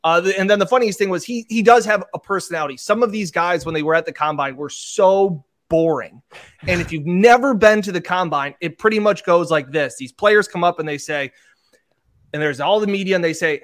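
A man's voice: high voice, brisk. A man, a sports reporter, talking casually about football and acting out interview quotes as he tells a story. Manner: animated storyteller, acts out quotes.

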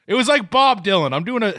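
A man's voice: high-pitched, big pitch swings, normal speed, sharp tone, no echo, studio quality. A man co-hosting a casual podcast, telling rambling stories with restarts. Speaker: podcast co-host. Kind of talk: casual food podcast chat.

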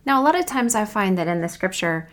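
A woman hosting a faith podcast, speaking in an earnest, reflective and encouraging way, reading scripture slowly and deliberately. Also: mid-range voice, very animated. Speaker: podcast host. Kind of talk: faith podcast devotional talk.

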